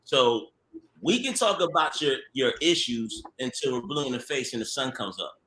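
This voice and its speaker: A man's voice: medium pitch, animated, moderate pace, sharp tone, roomy sound, a little hiss or hum. A man who works as a TV producer, telling stories in a casual, slangy conversation and laughing often. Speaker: TV producer guest.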